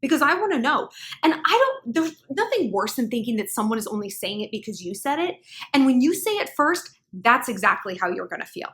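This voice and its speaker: Woman, relationship vlogger, casual storytelling, lots of "like", fairly high-pitched voice. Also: a little fast. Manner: chatty, animated, many "like"s, acts out quoted dialogue.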